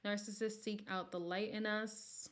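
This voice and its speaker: A woman hosting a casual livestream, reading viewer comments and talking frankly, her voice jumping from loud outbursts to soft near-whispers. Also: mid-range voice, flat delivery, moderate pace. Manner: candid and sassy, swings between loud bursts and near-whispers. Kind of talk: casual chat.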